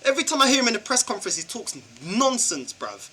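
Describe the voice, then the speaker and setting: Guy on a footy rant vlog, high sharp husky voice, keeps asking what are you talking about. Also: sing-song, fast talker, slight background noise, low-quality recording. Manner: exasperated, fires off rhetorical questions, slangy. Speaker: football channel vlogger. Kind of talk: football fan rant vlog.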